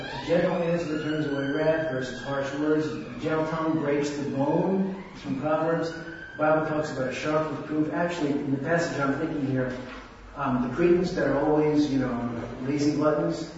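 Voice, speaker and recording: A man delivers a sermon in a plain, talkative way, often turning to the listeners. His voice sits a little high. It comes from a distance in a heavily echoing hall, with a dull lo-fi sound. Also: a little mellow, slight background noise. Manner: conversational, asks the audience "right?". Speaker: preacher. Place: church or hall.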